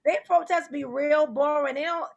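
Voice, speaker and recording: A woman with a New Orleans accent hosting a comedy show, animated and laughing through her jokes. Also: high-pitched, normal speed, vocal fry, dull audio. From New Orleans, Louisiana.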